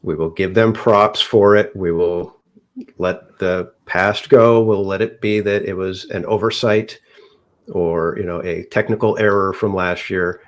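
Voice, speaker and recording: A man with a very deep, low-pitched voice talks casually as a podcast co-host. He rambles, hedges and restarts his sentences a lot as he works out what he means. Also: fairly even intonation, unhurried. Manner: rambling, hedging with many restarts. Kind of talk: casual chat.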